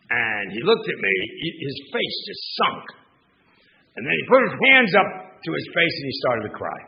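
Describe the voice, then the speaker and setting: An older male minister preaches in a loose, chatty way, breaking off and talking straight to his congregation. His fairly high voice is gravelly and swings up and down a lot. It comes through a dull lo-fi sermon recording. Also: big pitch swings, moderate pace. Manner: rambling and chatty, with restarts and asides to the congregation. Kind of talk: conversational sermon. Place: church sanctuary.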